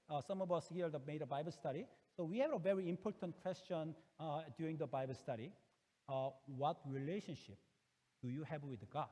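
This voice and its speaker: A man's voice: a little high, darkish tone. Korean-native pastor guy preaching, earnest, lots of restarts, echoey hall. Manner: earnest, rises into emphatic pleading when quoting God; non-native phrasing with frequent fillers and restarts. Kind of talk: sermon.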